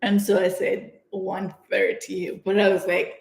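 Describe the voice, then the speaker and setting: A young woman from Canada, chatting excitedly and giggling as she hosts her own livestream. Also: medium pitch, unhurried, creaky. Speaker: livestream host. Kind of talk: casual livestream chat. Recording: echoey room.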